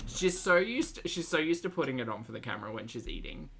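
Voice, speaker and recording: A woman's voice: sits low, very animated, fast talker, gravelly, fairly bright tone, husky. A woman streamer casually commenting on a video, chatty and sarcastic, swearing and laughing often. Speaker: reaction streamer.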